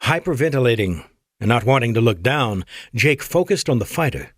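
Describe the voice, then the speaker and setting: Male audiobook narrator, mid-range voice, dry and measured. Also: medium pitch, lively intonation, no room sound. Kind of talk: scripted narration.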